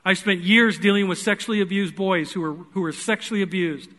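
Bright, high-voiced man preaching earnestly. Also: fairly even intonation, a little fast. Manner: earnest storytelling, swings from loud pleading to hushed. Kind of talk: sermon. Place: church.

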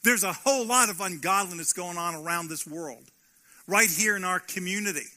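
A man's voice: high voice, normal speed, bright, forceful tone. A male pastor preaching a sermon, driving points home with rhetorical questions and repeated phrases.

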